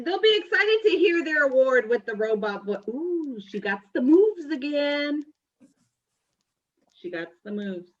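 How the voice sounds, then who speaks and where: A woman's voice: high voice, sing-song, unhurried, dull audio. A woman hosting a school assembly, playful and teasing, with sing-song greetings.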